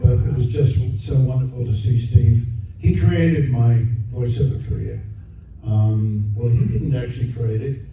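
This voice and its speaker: A man's voice: mid-range voice, expressive, unhurried, a crowd in the background. An older Australian man telling a story as a guest actor at a fan convention. He is chatty and restarts often. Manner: chatty storyteller with frequent restarts, acting out other people's lines. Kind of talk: anecdotal Q&A storytelling. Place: convention hall. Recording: very echoey hall from far off, dull and noisy.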